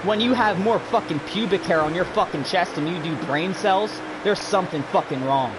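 A man's voice: sits high, normal speed, background noise. A man streaming a racing game, ranting angrily and swearing nonstop at another player. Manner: furious, profane, ranting. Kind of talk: angry rant during live racing game stream.

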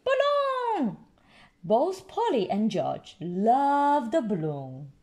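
A woman reading a picture book aloud to a child, gently explaining words along the way. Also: a little high, very animated, slow. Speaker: storyteller.

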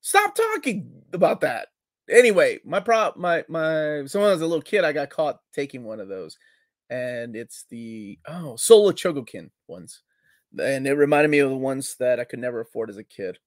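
A man co-hosting a live comics talk stream, relaxed and joking, loudly greeting people in the chat. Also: medium pitch, moderate pace, no room sound, studio quality. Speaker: co-host of a live comics show.

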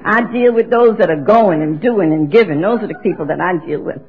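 A woman in her seventies from New York, telling her story as a speaker at a recovery meeting in an auditorium, with lively exclamations. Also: fairly high pitch, slightly rough. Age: 70s. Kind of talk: recovery talk to an audience. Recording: dull lo-fi recording.

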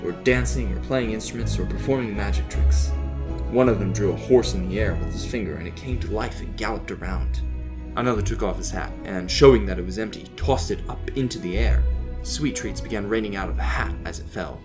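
A man narrates a fictional story in an even, gentle manner. His voice sits low, and faint music plays quietly behind him. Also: brisk.

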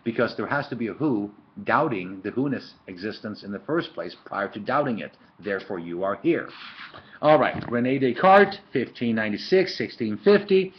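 A man's voice: lowish voice, expressive, normal speed, a little hiss or hum. Man lecturing over dull webcam audio. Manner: casual, storytelling asides, many fillers. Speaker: philosophy teacher. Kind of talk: recorded lecture.

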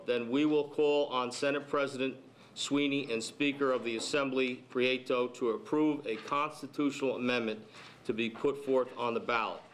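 A man's voice: medium pitch, a bit bright, a little hiss or hum. A man making a firm, formal press statement as a union representative.

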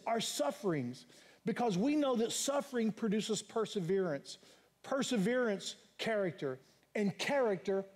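Man, pastor, sermon, high voice, earnest repeated emphasis. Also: darkish tone. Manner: earnest preaching, rising emphasis, repeats phrases. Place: church.

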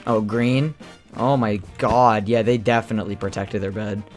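A young gamer casually chatting and teasing a teammate during an online match, breaking into excited yells. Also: mid-range voice, normal speed, faint music behind. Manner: teasing, jokey, bursts of excited yelling. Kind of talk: casual gaming chat.

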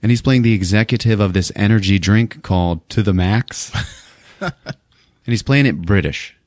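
A man's voice: lowish voice, normal speed, a little mellow, no echo, studio quality. A man hosting a podcast, casually recapping a movie with lots of swearing and laughing. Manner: profane, laughing often. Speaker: podcast host.

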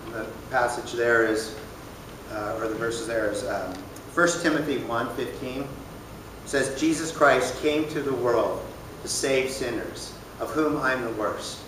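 A man's voice: medium pitch, a little slow, background noise. A man casually teaching a church recovery group, plain-spoken, often asking the room questions. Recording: echoey room, voice from far off.

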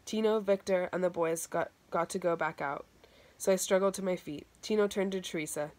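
A woman reading a first-person story aloud at a steady pace, now and then restarting a word. Her voice sits slightly low. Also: brisk. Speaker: audiobook reader.

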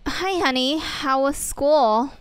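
A woman's voice: high voice, slow, dry recording. A woman voicing a strict mother who scolds firmly. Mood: stern. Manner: firm, scolding. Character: stern strict mother of a teen.

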